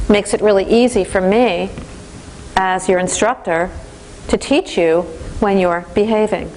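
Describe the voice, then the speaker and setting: A woman instructor giving a lively, conversational lecture in a classroom, speaking straight to the class. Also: mid-range voice, slight background noise, poor audio.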